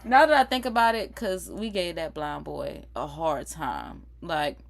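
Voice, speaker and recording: Animated gossiping woman in her thirties. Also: low-pitched, a little slow, creaky, rough recording. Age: 30s. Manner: animated, swearing, laughing between stories. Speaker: livestream host. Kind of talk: casual gossip chat.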